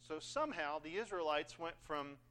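A man's voice: on the high side, expressive, moderate pace, bright, forceful tone. A man preaching a sermon in a conversational, joking way, acting out scripture passages. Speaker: pastor.

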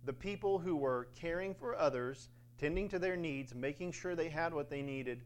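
A man's voice: a little high, moderate pace. A man preaching a sermon in a conversational way, with fillers and little acted-out quotes.

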